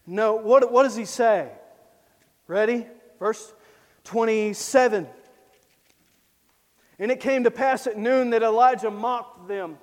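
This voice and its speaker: A man preaching a sermon, emphatic, swinging between loud declarations and low asides. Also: unhurried, pauses often, long reverb tail.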